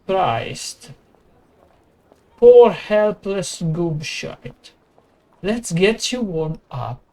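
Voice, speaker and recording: Kindly tired priest, read by an Italian man, slow and halting, higher voice. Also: very animated, a little mellow, heavily acted. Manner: reads the text aloud haltingly, with stumbles. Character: kindly male priest, weary and gentle.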